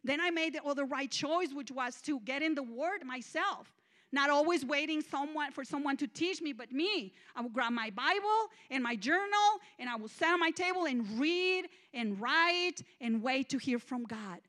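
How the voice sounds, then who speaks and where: A woman minister giving an emphatic, confessional testimonial sermon, swinging between loud declarations and hushed moments. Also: high voice, lively intonation, moderate pace. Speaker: guest minister.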